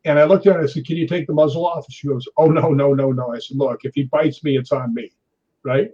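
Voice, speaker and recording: A man, a guest on a chat show, telling an animated story and tagging his sentences with "right?". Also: medium pitch, quick pace, slightly rough, highs cut off.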